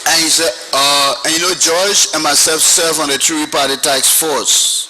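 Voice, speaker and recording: A man giving spoken testimony as an animated storyteller who addresses young listeners. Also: a little high, normal speed, noisy background.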